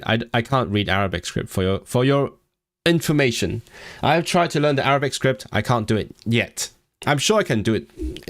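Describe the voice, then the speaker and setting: A man's voice: lowish voice, dry recording. A man chatting casually on a livestream, rambling and restarting his sentences with repeated words. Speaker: language-learning streamer.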